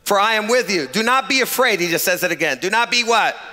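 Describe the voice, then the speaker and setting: Bright, high-voiced preacher in an echoey hall. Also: male voice, animated, fast talker. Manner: call-and-response preaching, swinging from shouts to low asides. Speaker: pastor. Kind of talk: sermon.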